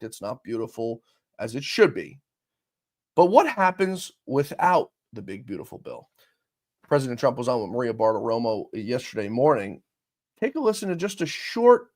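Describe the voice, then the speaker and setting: A man hosting a political show, giving opinionated commentary and talking straight to his viewers. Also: medium pitch. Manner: animated, swings loud and soft, addresses viewers directly. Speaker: show host.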